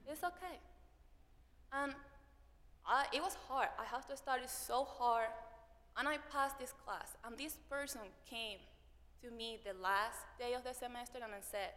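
Speaking at a normal speed in a fairly high pitch, a young woman with a Venezuelan accent, a native Spanish speaker from Venezuela, recounts her university-student days. She's lively and plays out other people's lines, and the recording carries a long hall reverb.

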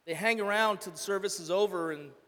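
Earnest male church speaker, slightly high voice, long reverb of a hall. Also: fairly quick. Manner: earnest, swells loud then drops soft. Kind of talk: emotional sermon testimony.

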